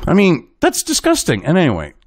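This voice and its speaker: High, lively swearing male ranter. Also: gravelly, no echo. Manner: indignant, swearing, sarcastic. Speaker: commentary show host. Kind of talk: profane ranting commentary.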